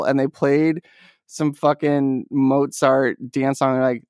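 A man's voice: mid-range voice, flat delivery, moderate pace, darkish tone, no room sound, studio quality. A young man co-hosting a casual podcast chat, telling rambling stories and laughing often. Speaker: podcast co-host.

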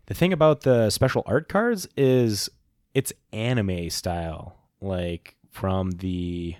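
A man with a fairly low voice hosts a relaxed chat and reads out announcements, tripping over a word here and there. The sound is dry and close, with no room in it. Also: slow pace, no room sound. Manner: casual, stumbling over words. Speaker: podcast host. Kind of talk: casual chat, reading announcements.

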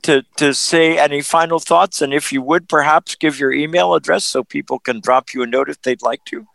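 A man's voice: a little high, fairly even intonation, moderate pace, vocal fry, fairly bright tone, no echo. A man hosting a discussion program, keeping the guests on time with brief affirmations. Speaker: program host.

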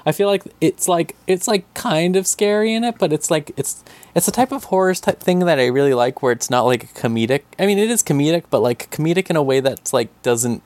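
A man's voice: a little high, lively intonation, brisk, a little mellow, no room sound. A young man in casual chat, rambling with lots of fillers and frequent swearing as he recaps a show.

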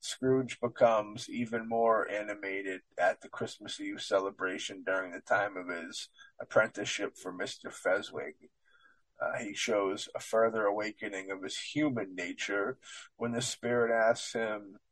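A man's voice: on the low side, fairly even intonation, fairly bright tone, no room sound, low-quality recording. A man reading passages aloud with small slips, then rambling in casual commentary and often asking "you know what I mean". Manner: reads aloud haltingly with slips. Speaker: show presenter discussing a book.

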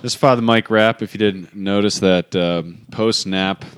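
A man, a Catholic priest, co-hosting a podcast in relaxed, joking banter, speaking into a studio microphone with a pop guard. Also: on the low side, moderate pace, smooth.

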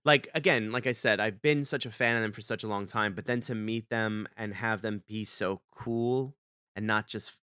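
A fairly low-pitched man with a bright, crisp voice, spinning a story for his podcast co-host in an animated way. He jumps up in pitch whenever he quotes someone. The sound is dry and close. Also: normal speed, no echo. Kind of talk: casual storytelling chat.

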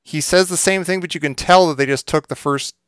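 A man's voice: on the high side, a little fast, a bit bright, slight background noise. A man co-hosting a podcast in casual chat, rambling and often restarting his sentences. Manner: rambling, self-interrupting, hesitant. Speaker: podcast co-host.

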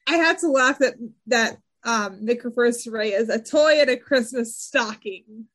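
A woman's voice: a little high, moderate pace, a bit bright. A woman co-hosting a casual podcast, joking playfully. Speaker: podcast co-host.

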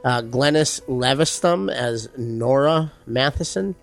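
A man's voice: mid-range voice, animated, takes it slowly, vocal fry, faint music behind. A man hosting a casual podcast chat, swearing freely and reading out a film's cast. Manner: profane, reads out cast list. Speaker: podcast host.

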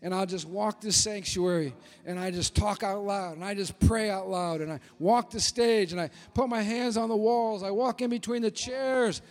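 Fervent high-voiced male pastor preaching. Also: fairly even intonation, normal speed, hardly any pauses, long reverb tail. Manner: fervent, emphatic, at times shouting. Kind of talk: sermon.

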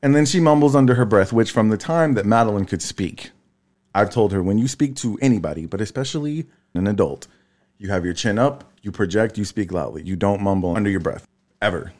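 A man in his thirties telling a family story in casual chat, tired, swearing freely and leaping up in pitch when he quotes people. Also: a little fast. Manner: animated storyteller, swears freely, jumps high when quoting. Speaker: podcast co-host.

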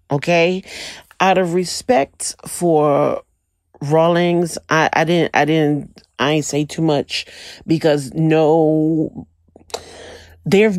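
A young woman, telling a profane, animated story in a casual monologue. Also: sits low, no echo, studio quality. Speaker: commentator.

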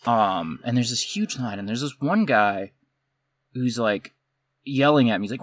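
A man's voice: mid-range voice, normal speed, no room sound, clean studio sound. A man co-hosting a casual podcast, telling stories from managing a coffee shop and acting out both sides of the arguments. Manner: animated storyteller who acts out both sides of a dispute. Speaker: podcast co-host. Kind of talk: casual chat, storytelling.

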